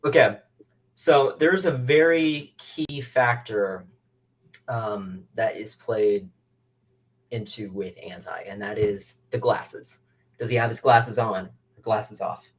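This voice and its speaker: A man co-hosting a live interview as the series' co-creator, asking questions in a halting way with pauses and fillers. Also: fairly low pitch, breathy edge.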